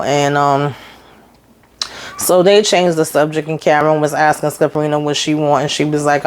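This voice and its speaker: A woman with a low, deep-set voice talks through a TV episode in a casual recap. She is chatty and slangy, and she drops blunt opinions as she goes. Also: flat delivery, moderate pace. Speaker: TV recap host.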